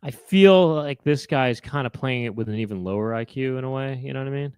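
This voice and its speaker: A man's voice: mid-range voice, fast talker, darkish tone, clear, resonant tone, no room sound, studio quality. A man hosting a casual comedy chat, rambling and jokey. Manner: rambling, jokey, lots of "you know". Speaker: host.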